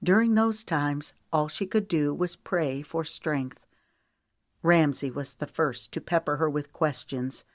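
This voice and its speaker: A woman with a low voice reads an audiobook, narrating steadily and giving the characters' lines small shifts. The sound is dry and close, with no room around it. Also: unhurried, dry recording. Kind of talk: scripted narration.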